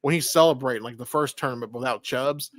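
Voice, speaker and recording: A man's voice: medium pitch, quick pace, no room sound, studio quality. A man co-hosting a casual movie review podcast, retelling the plot in a rambling way full of fillers. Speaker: podcast co-host.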